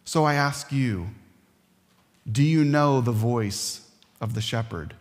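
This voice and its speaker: Earnest preacher man in reverberant hall. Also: mid-range voice. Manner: earnest, emphatic, with dramatic pauses. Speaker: pastor. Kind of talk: sermon.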